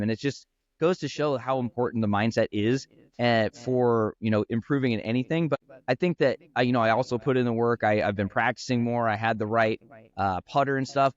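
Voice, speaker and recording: A golf instructor who also founded a brand speaks earnestly on a casual podcast, his words fast-flowing and full of fillers. His voice is medium-pitched, and the recording has its highs cut off.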